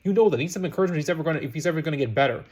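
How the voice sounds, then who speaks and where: A man voicing a haughty eleven-year-old schoolboy with a bored, sneering drawl, reading fast. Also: fairly high pitch, lively intonation, a little mellow, breathy edge. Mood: scornful.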